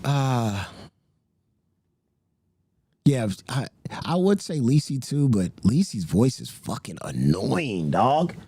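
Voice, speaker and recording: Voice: medium pitch, sing-song, takes it slowly, long pauses, mellow, breathy edge. A livestream host chatting casually with viewers, laughing often and swearing freely.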